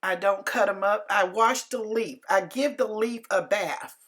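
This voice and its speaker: Older woman, 60s, homey cooking narration, repeats herself, mid-pitched voice. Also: a little slow, a bit bright, husky, poor audio. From Carolina, US. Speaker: home cook.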